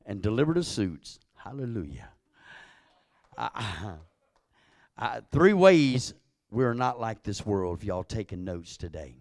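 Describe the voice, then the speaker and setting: A man preaching a sermon as pastor, calling out to his congregation and building to loud emphatic peaks. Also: lowish voice, sing-song, measured pace, gravelly, long pauses, dry recording, clean studio sound.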